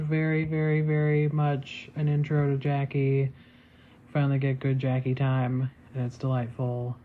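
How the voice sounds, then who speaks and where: A woman hosting a casual podcast, chatty and quick to laugh. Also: low-pitched. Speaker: podcast host. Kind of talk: casual chat. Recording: tinny phone-like sound with faint noise.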